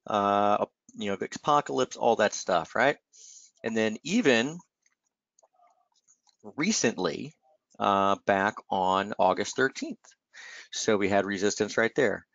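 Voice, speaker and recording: A man with a lowish voice runs a live trading webinar and walks through charts in a relaxed, rambling way, full of "um" and "right?". He has the hiccups, and the sound is dry and slightly dull, like a close desktop mic. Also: unhurried, gravelly, pauses often, dry recording. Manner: conversational, filler-heavy, frequent "right?" tags. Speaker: webinar host, market analyst.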